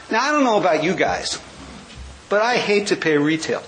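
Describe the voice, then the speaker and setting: A man's voice: high voice, sing-song, fairly bright tone, some chatter behind, slight background noise, low-quality recording. A man in his sixties from California, giving a wry, joke-filled recovery talk as a speaker at a large gathering. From California, USA. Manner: wry storyteller, quick jokes. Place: convention hall.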